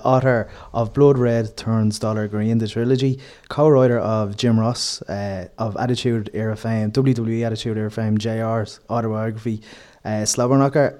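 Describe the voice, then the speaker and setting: Jokey Irish podcast host. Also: male voice, mid-range voice, fairly even intonation, moderate pace, hardly any pauses, dark tone. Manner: rambling, jokey, laughs often. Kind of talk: casual chat.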